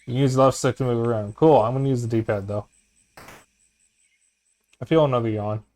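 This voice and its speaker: A man's voice: mid-range voice, steady tone, fairly quick, a little mellow. A man streaming a video game, chatting casually and tiredly, with some swearing. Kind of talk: casual let's-play chat. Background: game music.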